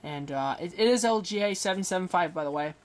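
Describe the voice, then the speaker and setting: A man's voice: high-pitched, fast. Teenage guy, casual show-and-tell, rambling, self-correcting, chuckles to himself. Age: teens. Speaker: hobbyist showing a rebuilt computer.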